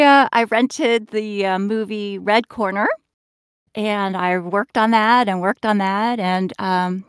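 A woman with a fairly high voice, bubbly and quick to laugh as she chats on a panel. Her voice comes through a dry, close recording with little room sound. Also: a bit bright, smooth, dry recording. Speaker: voice actor guest. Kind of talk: casual panel chat.

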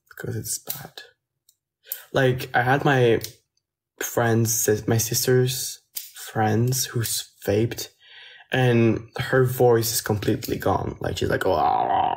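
An unhurried man with a French accent talks on a phone livestream, taking his time between words. His speech is soft and halting, with a mid-range pitch, and he often trails off as he answers viewer comments. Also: little pitch movement. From France. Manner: soft-spoken, hesitant, trailing off. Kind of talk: casual livestream chat.

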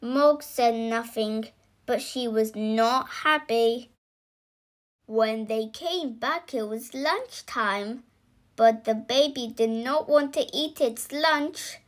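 A woman reading a children's picture book aloud, slow and expressive, lifting into little voices for the characters. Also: fairly high pitch. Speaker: storybook reader.

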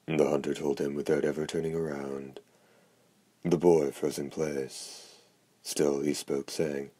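Very deep husky male narrator. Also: normal speed, no room sound. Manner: steady, even reading. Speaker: audiobook narrator. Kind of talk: scripted narration.

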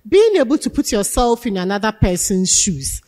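A Ghanaian woman lectures a leadership class in a lecture hall, speaking emphatically and putting questions to her students. Her mid-range voice is mellow and sing-song, moving at a moderate pace. The recording carries a long hall reverb.

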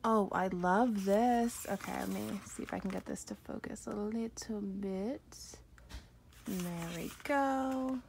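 A young woman unboxing an album on camera, gushing and giggling with lots of excited exclamations. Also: mid-range voice, takes it slowly, vocal fry, slight background noise. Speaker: unboxing vlogger. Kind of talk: excited casual unboxing chat.

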